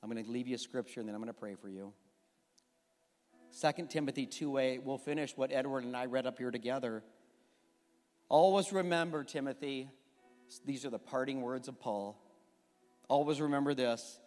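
A man's voice: medium pitch, fairly even intonation, fairly quick, darkish tone. A man preaching a sermon and praying, a fervent pastor who builds to impassioned emphasis. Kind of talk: sermon and closing prayer. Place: church sanctuary. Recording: long church reverb with faint music.

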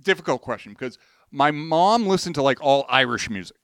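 A man's voice: mid-range voice, animated, fairly quick, fairly bright tone, no echo, clean studio sound. A young man co-hosting a podcast in casual chat, jokey and laughing often. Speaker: podcast co-host.

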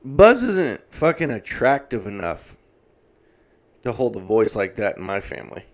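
A man's voice: lowish voice, sing-song, a little slow. Profane exasperated man ranting. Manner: profane, exasperated, heavy swearing. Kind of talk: comedic rant.

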